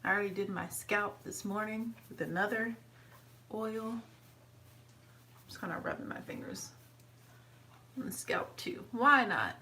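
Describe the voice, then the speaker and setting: Bright-voiced woman chatting a hair routine. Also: measured pace, long pauses, distant mic, slight background noise, low-quality recording. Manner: chatty, talks to her dog in a high sweet voice. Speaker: vlogger. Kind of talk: casual hair tutorial chat.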